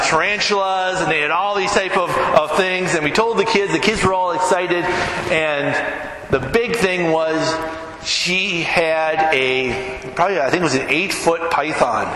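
A male pastor giving a sermon, telling stories and acting out quotes in a lively way, asking the audience questions. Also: on the high side. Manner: animated, talks with the audience, acts out quotes. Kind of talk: sermon with storytelling. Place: church hall. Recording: echoey hall with room noise.

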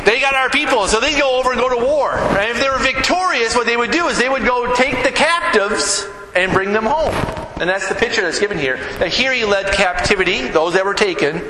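A man giving a sermon as a pastor, in a conversational style with frequent tag questions like "right?". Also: high-pitched. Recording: echoey hall with background noise.

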